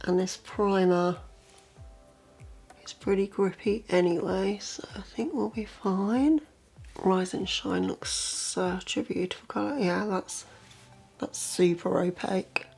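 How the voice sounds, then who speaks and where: A woman's voice: medium pitch, slow, vocal fry, slightly rough, soft background music. A woman vlogger chatting casually through a makeup tutorial, often saying "as I say". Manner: chatty and conversational, repeats "as I say"; quiet, half-murmured commentary while applying makeup.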